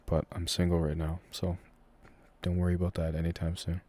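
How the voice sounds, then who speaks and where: A Canadian man in his twenties hosts a live Q&A from his room at home, casually chatting as an audio creator. His deep, soft-edged voice carries a mellow warmth, and he rambles through answers a little fast, loaded with fillers and trailing hedges.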